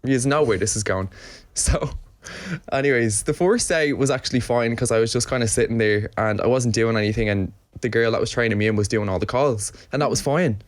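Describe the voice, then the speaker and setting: A man's voice: mid-range voice, a little fast. Cheeky young Irish man, swearing freely. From Ireland. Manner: cheeky, swears freely, laughs through his story. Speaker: podcast co-host. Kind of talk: casual storytelling chat.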